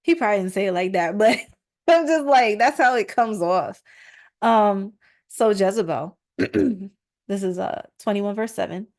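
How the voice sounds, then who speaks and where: A woman's voice: mid-range voice, expressive, unhurried. Female podcast host, conversational commentary with scripture readings, mic on a stand. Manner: chatty, frequent fillers, reads verses aloud. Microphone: microphone on a stand.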